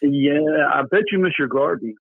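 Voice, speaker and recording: A man's voice: a little high, lively intonation, moderate pace, vocal fry, slightly rough, dry recording. A man calling in to a podcast, chatting in a friendly, upbeat way. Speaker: caller. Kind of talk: casual call-in chat. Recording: tinny phone line.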